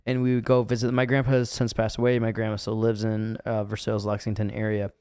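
A man from Ohio hosting a podcast, chatting casually and asking his guest relaxed follow-up questions. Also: lowish voice, quick pace, clear, resonant tone, no room sound, studio quality. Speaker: podcast host. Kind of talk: casual chat.

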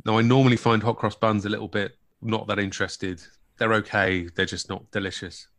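A man with a West Country English accent, co-hosting a casual podcast chat with dry, deadpan humor. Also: lowish voice, fairly quick. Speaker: podcast co-host.

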